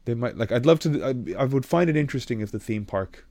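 A man co-hosting a podcast in casual chat, animated and sweary as he rants. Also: medium pitch, quick pace, no echo. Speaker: podcast co-host.

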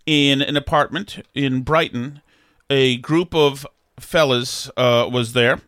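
A man's voice: medium pitch, fairly even intonation, slow pace, a bit bright, dry recording, studio quality. A middle-aged man hosting a podcast, telling a rambling, jokey story with many restarts in casual chat. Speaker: podcast host.

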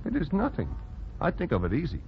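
An actor playing an eager, earnest former boxer, pitching a scheme in 1940s radio acting. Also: male voice, wildly swooping pitch, fast, a little hiss or hum. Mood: eager scheming. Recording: dull vintage radio recording.

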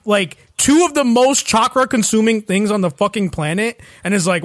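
A young man ranting profanely in a casual chat, animated and exasperated. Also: sits high, moderate pace, hardly any pauses, no echo, clean studio sound. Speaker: podcast co-host. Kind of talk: casual rant.

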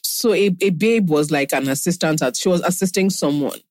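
A woman's voice: fairly low pitch, fairly quick, a little mellow, dry recording. A woman co-hosting a podcast, chatting casually, telling stories and laughing often. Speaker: podcast co-host. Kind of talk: casual chat.

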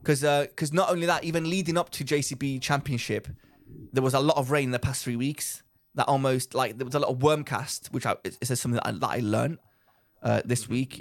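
A man, co-hosting a casual podcast, rambling through a story, acting out what people said and laughing often. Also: medium pitch. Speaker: podcast co-host. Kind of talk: casual chat.

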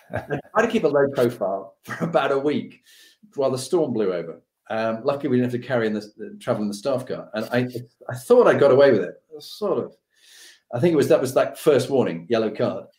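A man's voice: mid-range voice, roomy sound. A man telling an anecdote from his army days, acting out the dialogue with different voices and laughing as he goes. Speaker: storyteller recalling army days.

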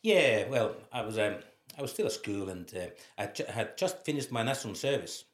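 A man in his fifties from Finland with a Finnish accent, a former footballer telling lively anecdotes in an interview and laughing through them. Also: lowish voice, normal speed. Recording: roomy echo.

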